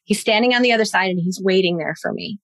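A woman telling a personal story in a podcast conversation, lively and acting out quoted lines. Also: medium pitch, quick pace, no echo. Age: adult, parent of a young son. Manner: animated, acts out her own and others' quoted lines.

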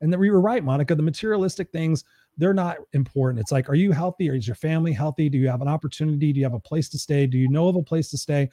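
A man's voice: a little high, very fast, dark tone, no echo, clean studio sound. A man hosting an interview, telling motivational stories with energy. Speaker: podcast host. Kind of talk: casual interview conversation.

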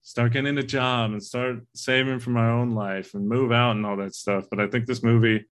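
Guy chatting about a movie, bright forceful voice, kinda rambly and earnest, swears a bit. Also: mid-range voice, little pitch movement, moderate pace, clear, resonant tone. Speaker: podcast co-host. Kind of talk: casual movie discussion.

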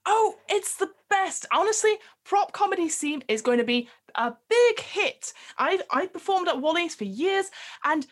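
A woman voicing an eager, excitable prop comic with a high, chirpy voice. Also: measured pace, full character voice.

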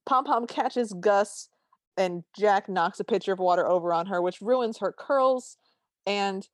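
A woman's voice: mid-range voice, measured pace, no room sound, studio quality. A woman co-hosting a podcast, wryly narrating film scenes in casual chat and laughing often. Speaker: podcast co-host.

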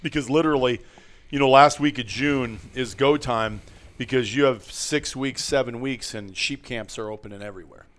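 Male podcast host, easygoing and rambling, chuckles, middle pitch, mid-sentence restarts. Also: normal speed, fairly bright tone. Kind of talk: casual podcast chat.

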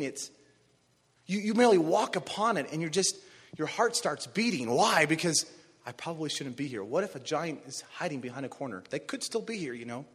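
Lively high-voiced guy preaching, bit husky, big echoey church hall. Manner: animated storytelling, rises to shouts on key phrases. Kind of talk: sermon. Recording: long reverb of a large hall.

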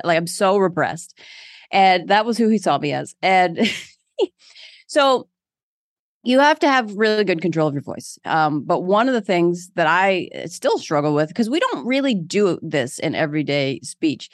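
A young woman telling stories in a casual interview, animated and self-deprecating, laughing often. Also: lowish voice, no echo, clean studio sound. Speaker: guest.

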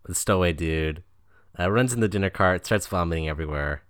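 A man's voice: deep voice, fairly quick, smooth, no room sound, studio quality. A man co-hosting a casual podcast, recapping a movie plot in a laid-back way with fillers. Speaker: podcast co-host.

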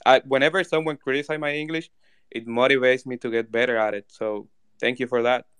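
Halting man with a smooth voice. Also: medium pitch, fairly even intonation, a bit bright, no echo. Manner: halting, searching for words. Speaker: panelist. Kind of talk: casual chat.

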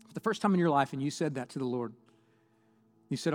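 A male pastor giving an impassioned sermon and altar call in a church, swinging between loud preaching and hushed prayer. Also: mid-range voice, expressive, fast talker, long pauses, long reverb tail, faint music behind. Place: church auditorium.

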